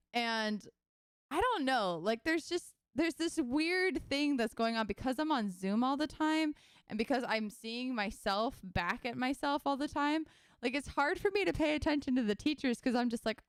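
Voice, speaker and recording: A woman's voice: fairly high pitch, expressive, normal speed, clean tone, no room sound, clean studio sound. A young woman hosting a livestream from home and chatting casually with viewers, giggly and full of fillers like "like" and "um". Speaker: livestream host and singer.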